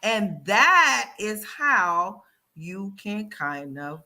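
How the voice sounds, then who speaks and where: A woman hosting a casual talk show who talks in a lively way and acts out people's excuses as she goes. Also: medium pitch, extremely slow. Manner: animated, acts out quoted excuses, repeats "yada, yada". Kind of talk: casual chat.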